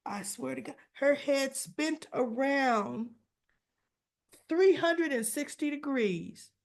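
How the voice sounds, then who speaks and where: A woman's voice: high-pitched, lively intonation, slow. A woman casually recapping a soap episode in a chatty way full of fillers. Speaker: soap opera recap vlogger.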